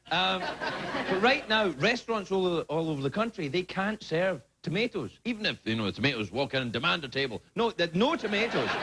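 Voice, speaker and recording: A man in his forties, a late-night talk show host delivering a comic monologue with animated, mock-outraged outbursts. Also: fairly high pitch. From Scotland. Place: TV studio stage before a live audience. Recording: loud studio audience noise.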